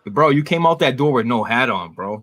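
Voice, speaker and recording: A man hosting a casual podcast, excitable and profane, always calling people bro. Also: medium pitch, brisk, a crowd in the background. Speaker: podcast host.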